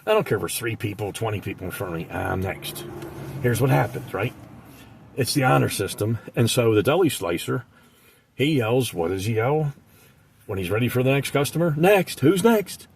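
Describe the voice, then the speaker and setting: A man delivering a comic monologue in an animated way, slipping into the voices of the people he describes. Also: lowish voice, a little fast, gravelly, slight background noise. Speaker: comedic storyteller.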